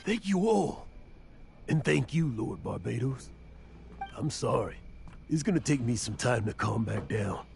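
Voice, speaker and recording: An actor playing an aging, remorseful male adventurer in a video game, speaking in a halting, emotional way. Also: mid-range voice, expressive, darkish tone. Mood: stunned, moved. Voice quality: gravelly. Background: game music.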